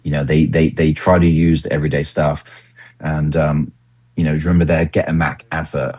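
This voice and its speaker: A man talking in a casual podcast interview as a guest consultant, lively and animated when he acts out what people say. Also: very deep voice, fairly quick, no echo. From Britain. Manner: enthusiastic, animated when acting out quotes.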